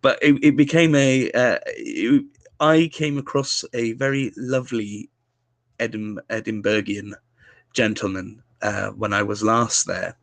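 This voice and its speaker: A man's voice: fairly low pitch, a little slow, creaky, no room sound. A young man hosting a casual interview, telling jovial, self-deprecating anecdotes. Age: young adult. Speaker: podcast host.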